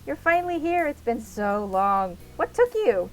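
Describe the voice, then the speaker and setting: A woman voicing an energetic, bossy young female friend in a visual novel. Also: fairly high pitch, fairly quick, faint music behind. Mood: excited. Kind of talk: visual novel dialogue reading.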